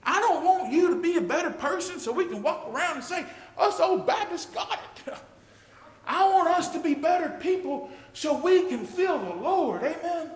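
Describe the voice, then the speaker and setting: A man preaching a sermon to his congregation, impassioned and often rising to shouted exclamations. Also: very high voice, animated, moderate pace. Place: church sanctuary with a congregation. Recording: echoey hall with long reverb.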